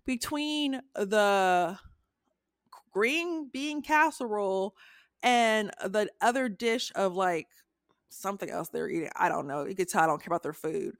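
A woman's voice: medium pitch, unhurried, dry recording, clean studio sound. A young adult woman, a podcast co-host, retelling a story in casual chat, acting out quotes in a raised voice and swearing freely.

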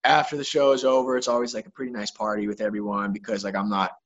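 A man's voice: on the low side, little pitch movement, fast, dull audio. A young man, a touring musician, telling a rambling story in casual chat, with profane words and lots of filler.

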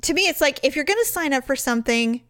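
Animated high-voiced woman gossiping. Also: fast talker, a little hiss or hum. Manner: animated, acts out quotes, blunt and profane. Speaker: podcast co-host. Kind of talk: casual chat.

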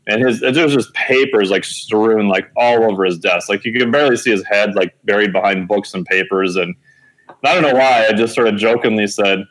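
Over a low-quality recording, a forty-something man with a slightly low voice recounts a personal story during an interview. He's an animated, conversational storyteller whose pitch jumps lively when he performs quoted dialogue, and he often uses "uh" and "you know" and fixes his wording mid-sentence.

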